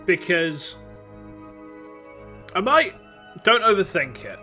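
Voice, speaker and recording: A young British man streaming a game, animated and joking, swearing and stammering as he comments. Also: sits high, slow, soft background music.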